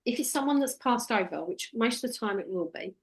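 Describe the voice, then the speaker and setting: A woman's voice: fairly high pitch, lively intonation, brisk, creaky, slightly rough. A woman, a hypnotherapy trainer teaching one-to-one in a direct, practical way and quoting what she tells clients in a soothing voice.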